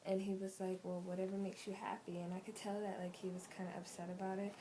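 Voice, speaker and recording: A woman's voice: medium pitch, little pitch movement, fast talker, dark tone, slight background noise, poor audio. A teenage girl telling a story in a casual vlog, rambling with lots of "like" and "um" fillers. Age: teens. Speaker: vlogger. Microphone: phone camera.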